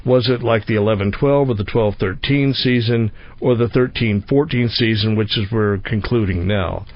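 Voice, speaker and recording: A man's voice: fairly low pitch, normal speed. A man hosting a radio interview, talking in a rambling, folksy, joking way. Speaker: radio host. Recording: slightly muffled radio sound.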